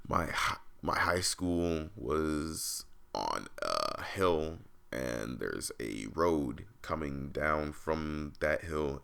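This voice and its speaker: A man's voice: a bass voice, creaky, fairly bright tone. A young man from upstate New York hosting a podcast, telling a story in a rambling, profane way, full of fillers and restarts. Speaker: podcast host. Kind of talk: casual storytelling monologue.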